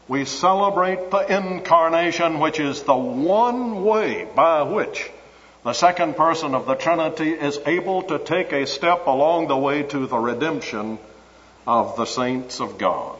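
A man preaching a sermon, slow and emphatic, stressing key words and repeating phrases for weight. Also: fairly high pitch, a bit bright. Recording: dull lo-fi recording with long hall reverb.

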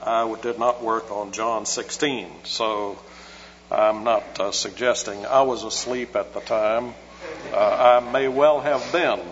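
Measured scholarly man preaching in a hall. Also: lowish voice, fairly even intonation. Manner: measured, scholarly, dry humor. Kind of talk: expository sermon. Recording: muffled hall recording with hum.

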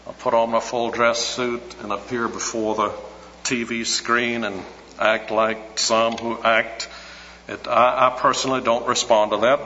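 A man's voice: medium pitch, pushed and bright, a little hiss or hum. A man preaching a sermon, earnest and teacherly, repeating his scripture text for emphasis. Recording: dull lo-fi recording in an echoey hall.

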